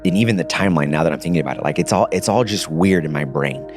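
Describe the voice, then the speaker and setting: A man in his thirties, a podcast guest giving a casual, animated personal testimony, dropping slang as he talks. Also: sits low, very fast, music in the background. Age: 30s.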